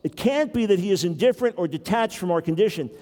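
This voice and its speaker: A man's voice: sits high, expressive, fast talker, darkish tone, long reverb tail. An older man, a grandfather, preaching a sermon earnestly with wry humor. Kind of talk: sermon teaching.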